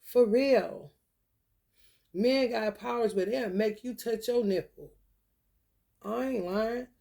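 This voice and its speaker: A woman talking casually to her viewers, telling animated, profane stories with frequent laughter. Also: fairly high pitch, slow, gravelly. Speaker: spiritual talk host.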